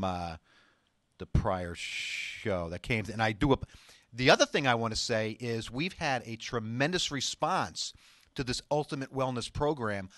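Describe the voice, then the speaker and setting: A man's voice: medium pitch, fairly bright tone, no echo, clean studio sound. A man hosting his own talk show as a doctor, speaking emphatically and insistently and reading viewer emails aloud. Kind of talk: studio talk show monologue.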